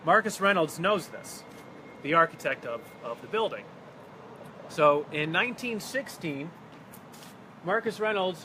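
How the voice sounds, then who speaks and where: A man guiding a local history tour outdoors, telling a story in a casual, animated way and acting out quotes. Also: high voice. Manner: animated, chatty, acts out quotes. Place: outdoors on a city street. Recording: outdoor street noise with passing cars. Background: traffic and city ambience.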